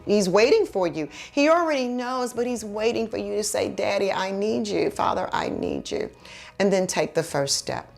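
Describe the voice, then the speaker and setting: A woman preaching a heartfelt sermon, telling her own story and then leading a prayer in an earnest, exhorting way. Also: fairly low pitch.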